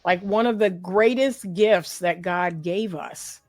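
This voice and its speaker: A woman's voice: on the low side, slow pace, faint music behind. A woman speaking as a guest in casual conversation, firm and emphatic, often agreeing with her host. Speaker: guest commentator.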